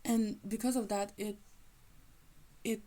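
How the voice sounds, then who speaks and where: A woman telling a personal faith testimony in an animated storytelling manner, often acting out the people in her story. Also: mid-range voice, slow pace, poor audio. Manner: animated, acts out quoted people. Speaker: faith teacher sharing a testimony.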